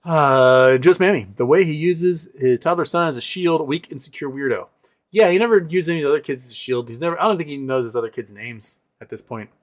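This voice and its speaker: A man's voice: fairly high pitch, brisk. A man hosting a casual livestream, reading viewer comments and answering them in a sarcastic, rambling way with many fillers. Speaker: livestream host.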